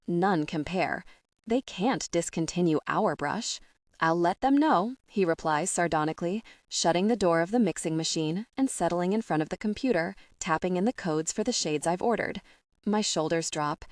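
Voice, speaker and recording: Low-voiced woman narrating an audiobook. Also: no echo, clean studio sound. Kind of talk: first-person scripted narration.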